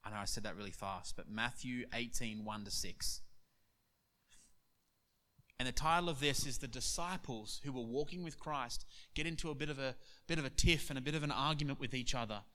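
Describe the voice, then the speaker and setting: Male pastor, mid-pitch voice, animated sermon storytelling with acted-out dialogue. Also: brisk.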